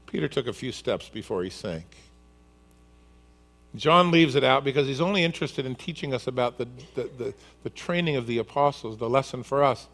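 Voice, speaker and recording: Animated male pastor preaching. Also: mid-range voice. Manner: animated storyteller who acts out scenes. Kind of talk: sermon.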